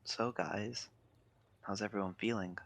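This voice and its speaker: A man's voice: fairly low pitch, steady tone, a little slow, vocal fry, fairly bright tone. A man playing in a tabletop game, chatting in character in a playful way. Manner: playful, laughing. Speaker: player. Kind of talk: in-character casual chat.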